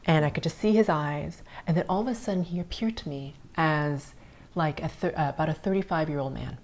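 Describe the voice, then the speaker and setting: Low-voiced woman telling a spiritual story. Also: fairly quick. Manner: earnest, drops to soft whispers at tender moments. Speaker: podcast host. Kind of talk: personal storytelling on a spiritual podcast.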